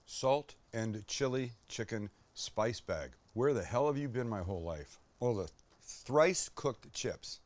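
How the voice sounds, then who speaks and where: Excitable man hosting a cooking show. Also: mid-range voice, slow. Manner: excitable, swears when delighted; chatty asides to the viewer. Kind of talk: casual cooking demonstration.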